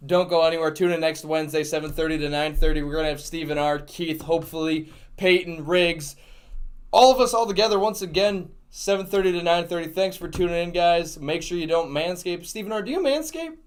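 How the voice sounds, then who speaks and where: A man's voice: fairly high pitch, a little fast, smooth. A man hosting a casual sports podcast, playfully steering the talk and wrapping up the show. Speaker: podcast host. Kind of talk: casual chat.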